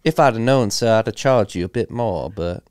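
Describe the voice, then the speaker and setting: A man's voice: on the low side, normal speed, darkish tone, clean tone, no room sound, clean studio sound, lightly acted. Man doing a sweet Southern landlady. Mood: mock polite. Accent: Southern US put-on. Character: polite older Southern landlady.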